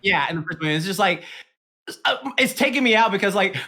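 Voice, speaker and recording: A man co-hosting a casual podcast chat, excitable and swearing freely as he acts out quotes. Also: high voice, quick pace. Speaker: podcast co-host.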